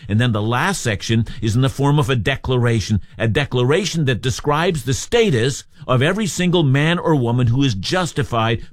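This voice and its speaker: Male radio preacher, animated pitch, dry close sound, emphatic sermon delivery. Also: dry recording. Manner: emphatic, lively expository preaching. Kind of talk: sermon on a radio Bible program.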